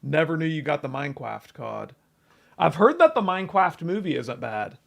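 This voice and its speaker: Male streamer, slightly high and gravelly, hyped and swearing while he reads chat. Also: normal speed. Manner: excitable, profane, reads chat names aloud. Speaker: livestream host. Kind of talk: casual livestream chat.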